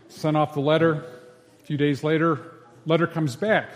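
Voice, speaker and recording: Man preaching, folksy, rambling, high voice, echoey hall. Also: little pitch movement, normal speed, long pauses. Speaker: pastor. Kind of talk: sermon with jokes.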